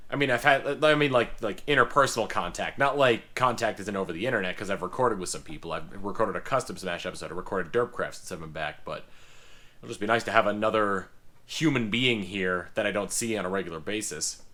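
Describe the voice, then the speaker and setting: A man's voice: lowish voice, fairly quick, bright, forceful tone. A man talking through his week in a casual vlog, rambling with many fillers and restarts. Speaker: vlogger.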